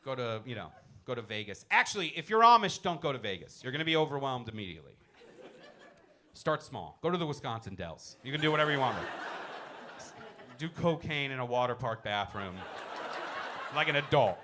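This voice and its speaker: A man performing a stand-up comedy set in a comedy club, talking loosely and dropping into quick character voices. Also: medium pitch, big pitch swings, crowd noise. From born in a Muslim-majority country. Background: audience laughter.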